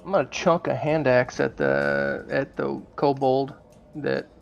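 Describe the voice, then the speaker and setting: A man playing in a tabletop game, easygoing and halting, on a dull lo-fi mic. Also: mid-range voice, gravelly, faint music behind. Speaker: player. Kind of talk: casual tabletop play.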